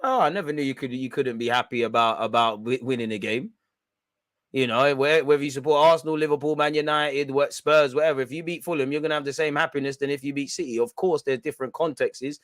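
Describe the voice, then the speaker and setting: Excitable young man, football reactions. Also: medium pitch, quick pace, no room sound. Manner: excitable, shouty and slangy, chanting and yelling at the referee. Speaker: football watch-along host. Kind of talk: live football reaction commentary.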